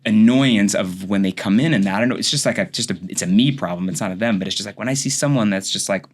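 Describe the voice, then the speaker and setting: A man who works as an emergency room physician, telling stories casually as a podcast guest, animated and swearing, with big jumps in pitch. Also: fast.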